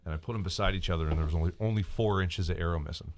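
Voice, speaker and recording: Deep-voiced male co-host, casual storyteller, repeats himself. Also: very fast, a little hiss or hum. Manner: long anecdote, repeats words, quotes himself. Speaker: podcast co-host.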